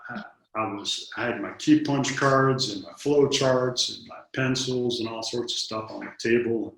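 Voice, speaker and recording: Speaking in a mid-range voice, this interview guest is a Detroit man in his fifties from the United States recounting personal stories. He's an earnest narrator who performs the dialogue and tends to repeat his opening words, recorded in a very echoey room.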